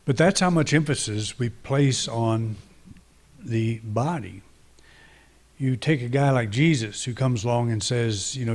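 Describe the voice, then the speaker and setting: A man's voice: medium pitch, a little slow, a little mellow. A man, a minister, preaching a conversational, reflective sermon with frequent restarts and fillers.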